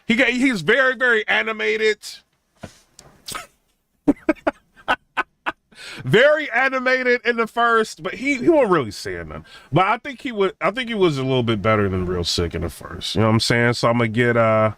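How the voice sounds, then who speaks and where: Laid-back man rambling with lively pitch. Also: moderate pace, long pauses. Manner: laid-back, rambling, drawls "man" and "bro", laughs between points. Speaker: channel host reviewing a rap battle. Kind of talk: casual commentary to viewers.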